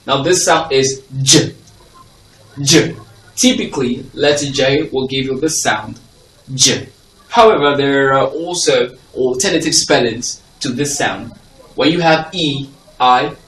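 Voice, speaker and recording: A man's voice: medium pitch, fairly bright tone. A male teacher giving a phonics lesson to a class. He repeats example words with stress and checks that the class is following. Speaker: English teacher. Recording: echoey room, voice from a distance.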